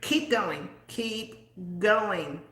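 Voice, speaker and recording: A woman's voice: medium pitch, drawn-out words, a bit bright. An older woman hosting a casual live chat with viewers, giggly and chatty as she reads out their comments. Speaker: host of a lifestyle channel for mature women. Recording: echoey room.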